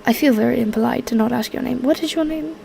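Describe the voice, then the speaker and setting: A woman's voice: fairly high pitch, fast, vocal fry, mellow, a little hiss or hum. A woman voicing an anxious, courteous male bird familiar in a tabletop game. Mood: polite, nervous. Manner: courteous, flustered.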